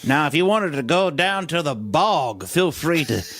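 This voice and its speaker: A man voicing a creepy old swamp local with a put-on Southern drawl, slow, sly and falsely friendly. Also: a little high, sing-song, a bit bright, exaggerated voice. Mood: sly menace.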